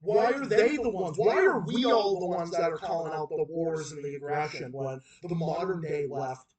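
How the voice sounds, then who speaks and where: A man with a Boston accent rants through a livestream in a fairly high voice, piling on emphatic repeats and false starts. He sits some way from the mic, so the room's echo rings around his words. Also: moderate pace, a little mellow. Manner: heated, repetitive, emphatic ranting with many restarts. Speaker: livestream host. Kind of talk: political rant on a livestream. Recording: roomy echo, far from the mic.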